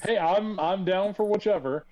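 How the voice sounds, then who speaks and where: A man narrating as game master for a tabletop role-playing game over voice chat, relaxed and chuckling between lines. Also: sits high, normal speed, crowd noise. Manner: relaxed, chuckling, says y'all. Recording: dull lo-fi voice chat audio.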